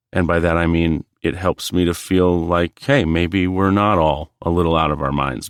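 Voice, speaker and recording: A man hosting a solo philosophy podcast, speaking in a calm, measured and earnest way. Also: low-pitched, clean tone, dry recording, studio quality. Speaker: podcast host. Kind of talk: reflective solo podcast narration.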